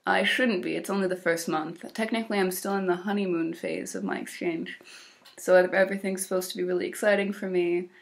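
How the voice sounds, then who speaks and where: A woman's voice: on the low side, steady tone, brisk, creaky. Chatty American teen girl vlogging. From Illinois, USA. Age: teens. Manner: chatty, upbeat, with fillers and small laughs. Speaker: exchange student vlogger. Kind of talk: casual video diary.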